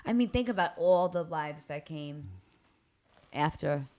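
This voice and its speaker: A woman's voice: low voice, animated, unhurried, darkish tone. A woman in a casual talk show chat, speaking in a thoughtful, hesitant way.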